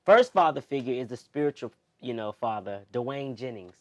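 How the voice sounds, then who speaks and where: A young adult man as an interview guest, speaking heartfelt and expressive, moving between loud emphasis and soft, near-tearful moments. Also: mid-range voice, normal speed. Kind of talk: emotional personal interview.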